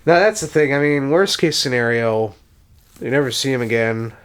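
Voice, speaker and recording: A man's voice: medium pitch, lively intonation, moderate pace, a bit bright, clear, resonant tone. A man co-hosting a casual podcast, talking reflectively and hesitantly with many restarts. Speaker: podcast co-host. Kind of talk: casual chat.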